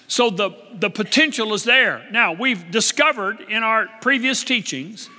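A man's voice: sits high, animated, moderate pace, hardly any pauses, sharp tone. A man preaching a sermon as pastor, repeating his key phrases and asking the congregation to answer him. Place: church. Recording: long hall reverb.

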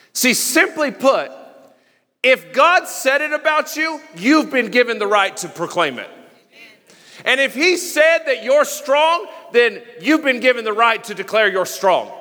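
Pastor, male, high bright voice, emphatic chanting and shouting, long church reverb. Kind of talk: sermon. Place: church sanctuary.

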